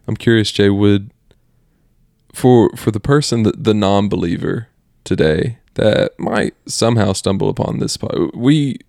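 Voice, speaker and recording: A man co-hosting a podcast, upbeat and chummy, asking questions in a relaxed, casual way. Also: lowish voice, a little slow, vocal fry, dry recording, clean studio sound. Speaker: podcast co-host. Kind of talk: casual faith discussion.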